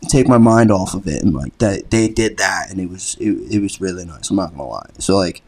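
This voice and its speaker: A young man with a very low voice talks loosely through a personal story as a podcast guest. He rambles, leans on "like", and curses casually. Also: a little fast, a little mellow. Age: young adult. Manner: laid-back, rambling, swears freely, fills with "like". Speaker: podcast guest, college lacrosse player.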